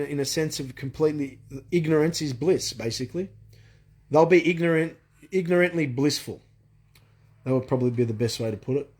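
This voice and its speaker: A man's voice: fairly high pitch, brisk, pauses often, a little mellow, husky. A man delivering a frustrated, profane monologue rant full of restarts. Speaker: vlogger. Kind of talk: ranting monologue.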